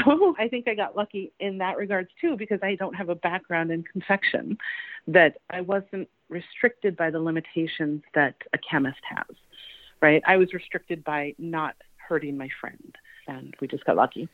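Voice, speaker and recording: A woman's voice: on the low side, moderate pace, no echo. A woman guest on a podcast interview, chatty and enthusiastic, often laughing as she talks. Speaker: guest, candy company founder. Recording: tinny phone-line sound, dry.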